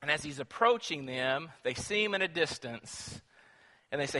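A man preaching a sermon in a church, telling a story in an animated way, acting out voices and putting questions to the congregation. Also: fairly high pitch, moderate pace. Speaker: pastor. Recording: long reverb in a church hall.

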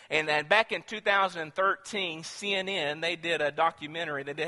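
A male preacher with a high, bright voice delivers a sermon full of rhetorical questions, swelling to loud, emphatic peaks. The sound rings with a long hall reverb.

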